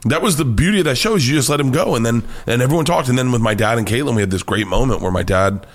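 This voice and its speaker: A man with an American accent, a comedian guest telling animated, profane stories in an interview and acting out quoted voices. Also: mid-range voice, fast. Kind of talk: storytelling interview chat.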